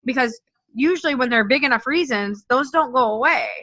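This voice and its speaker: Bright-voiced woman giving a pep talk. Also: high voice, a little fast, dry recording. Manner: upbeat, direct, pep-talk delivery. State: stuffy from allergies. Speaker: network marketing team leader. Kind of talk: motivational talk to a sales team. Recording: dull, dry lo-fi recording.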